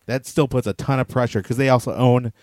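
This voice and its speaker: Casting: mid-pitched man, excitable hockey fan co-host who stammers, dry close recording. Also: brisk, no echo. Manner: eager, stumbles over repeated words. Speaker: podcast co-host. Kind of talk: casual sports chat.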